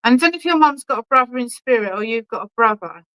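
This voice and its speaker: A woman medium gives clairvoyant readings in a bright, smooth, slightly high voice. She talks in a chatty, affectionate way, calls people darling and keeps checking in with "okay?". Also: expressive, fast talker, poor audio. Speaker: spiritualist medium. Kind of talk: clairvoyant readings at an online church service.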